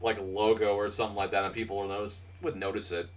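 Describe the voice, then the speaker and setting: A man's voice: fairly low pitch, flat delivery, quick pace, recorded from a distance. A man co-hosting a podcast in casual chat, rambling and laughing, swearing freely. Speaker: podcast co-host.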